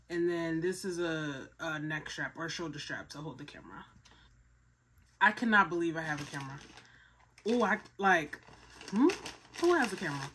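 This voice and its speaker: Young philly woman unboxing, so excited she keeps repeating herself, lowish voice, little bit of hiss. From Philadelphia, USA. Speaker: vlogger. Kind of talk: casual unboxing vlog.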